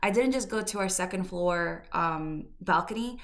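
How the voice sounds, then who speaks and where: A woman's voice: fairly low pitch, normal speed, gravelly, a bit bright. A woman podcast host telling a personal story in a candid, reflective way, with fillers and restarts. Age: adult.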